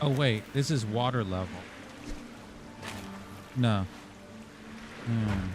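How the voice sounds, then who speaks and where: A man's voice: on the low side, slow. A man casually chatting and exclaiming while he plays on a live stream. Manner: rambling, exclaiming, chuckling. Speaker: gaming streamer. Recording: game music playing underneath. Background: game music.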